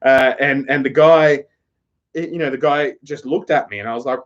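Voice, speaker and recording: A man's voice: medium pitch, normal speed. A man with an Australian accent chatting on a live stream, telling a rambling, profane story. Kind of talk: casual live-stream chat. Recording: slightly dull lo-fi audio.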